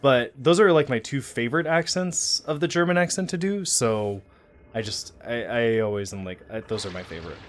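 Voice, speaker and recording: A man's voice: medium pitch, normal speed, slight background noise. A man giving casual, rambling commentary while streaming a video game. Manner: chatty, rambling, self-deprecating.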